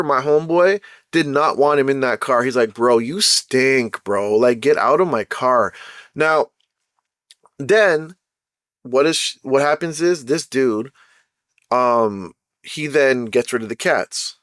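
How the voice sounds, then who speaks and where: The clean, dry studio recording captures a fairly high-pitched man telling a personal story on his own show. Slangy and animated, he keeps throwing in "bro" and "right?" to check in with the listener.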